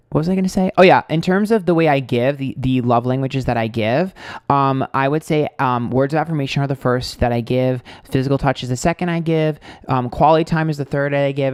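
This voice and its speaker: A man's voice: medium pitch, smooth, no echo, clean studio sound. A man reading tarot on a live stream, chatting casually, blunt and candid, ranting with swearing and lots of fillers.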